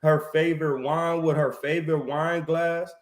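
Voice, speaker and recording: Casual religious talk, preachy man, high-ish voice, echoey room. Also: little pitch movement, normal speed. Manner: preachy, tags lines with "right?" and "man".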